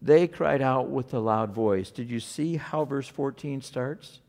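A man preaching a sermon, animated, rising and dropping sharply for emphasis. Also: mid-range voice, a little slow, vocal fry. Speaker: pastor.

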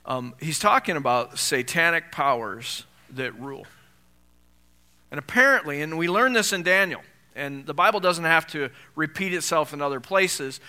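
The pastor, a man with a mid-range voice, speaks at normal speed with a bright, forceful tone. His sermon feels conversational, full of rhetorical questions to the congregation, and his voice rises whenever he reads scripture.

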